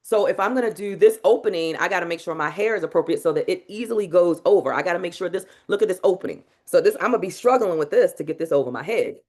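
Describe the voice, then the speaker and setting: A woman teaching a live online masterclass on public speaking, in an energetic, demonstrative way. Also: fairly low pitch, quick pace, hardly any pauses. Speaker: speaking coach. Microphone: video call.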